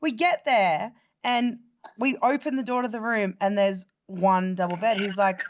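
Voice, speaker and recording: There's a slight hiss or hum behind this young Australian woman, whose medium-pitched voice moves a little slowly. As a vlogger telling a story in a casual chat, she's lively and curses, impersonating the people she quotes.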